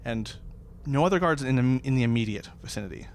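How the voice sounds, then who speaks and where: A man's voice: mid-range voice, expressive, fast. A man running a tabletop game as dungeon master, talking in loose, rambling descriptions. His voice sits in the middle range, with faint noise in the background. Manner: loose, rambling, laughing narration.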